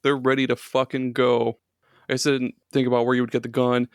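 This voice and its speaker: Young male co-host, mid-pitched, animated and profane, shrieks for jokes, dry recording. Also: a little fast, clean tone, no room sound. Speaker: podcast co-host. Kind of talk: casual comedic banter.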